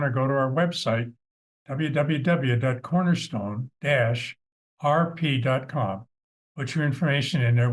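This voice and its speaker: A man's voice: mid-range voice, a bit bright. A middle-aged man, a financial advisor hosting a radio talk show, talking in a conversational, folksy, anecdotal way.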